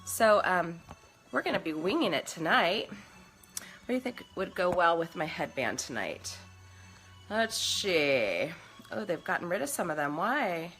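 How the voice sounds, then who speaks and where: Woman, live makeup stream host, chatty, bubbly, bright tone, faint music behind. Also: fairly low pitch, big pitch swings, unhurried. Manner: chatty and bubbly, talks to viewers. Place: at home.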